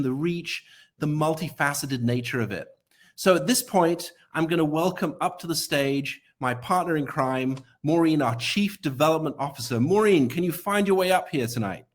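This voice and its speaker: Upbeat man hosting a gala stream. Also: fairly high pitch. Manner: upbeat, ad-libbing through pauses. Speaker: event host.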